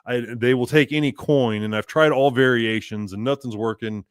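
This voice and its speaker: This podcast guest recounts a road trip casually, frequently laughing as he plays both people in the exchange. His mid-range voice holds a steady tone at a moderate pace, captured dry and clean in a studio.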